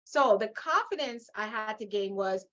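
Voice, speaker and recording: A middle-aged woman from Guyana with a Guyanese accent, telling her story as an interview guest in an emphatic, animated way, laughing often. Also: mid-range voice, normal speed, highs cut off. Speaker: guest, leadership coach.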